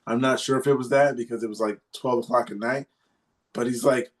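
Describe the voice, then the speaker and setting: A man's voice: mid-range voice, fairly quick. A man co-hosting a podcast, telling a story in a rambling, casual way with lots of fillers. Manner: rambling, many fillers, animated retelling. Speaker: podcast co-host.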